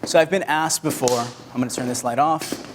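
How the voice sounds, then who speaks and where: A man's voice: medium pitch, steady tone, moderate pace. A man teaching photography at a live workshop, chatting with the audience and directing his assistants while he shoots. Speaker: photography instructor. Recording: hall reverb, faint noise.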